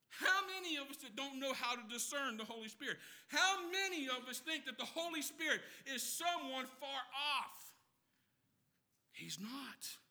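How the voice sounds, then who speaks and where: A man delivers an impassioned sermon in a high, piercingly bright voice. He swings from shouted emphasis to hushed teaching and repeats phrases to drive a point home. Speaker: pastor.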